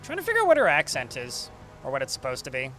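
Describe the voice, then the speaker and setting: A man's voice: medium pitch, huge pitch swings, quick pace, music in the background. A man casually commentating a strategy game while streaming, chatty and swearing now and then. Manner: chatty, swearing, talks to chat.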